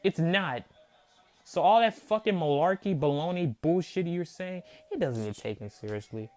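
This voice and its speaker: In a sports reaction video, a man with a slightly high, expressive, a little mellow voice rants at a moderate pace. Angry and disbelieving, he mocks, swears heatedly, and repeats himself for emphasis.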